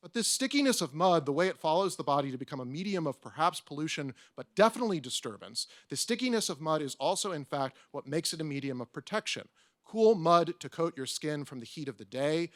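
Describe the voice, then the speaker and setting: A man's voice: on the high side, a bit bright, no echo, studio quality. A man, an academic panelist, reading a prepared talk aloud with wry, self-mocking asides. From United States. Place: conference room.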